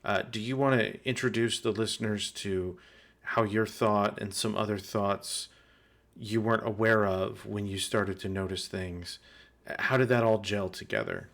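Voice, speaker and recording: Male podcast host, low voice, relaxed conversational delivery. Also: a little slow, creaky. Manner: conversational, thoughtful, occasional repeated words. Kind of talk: podcast interview.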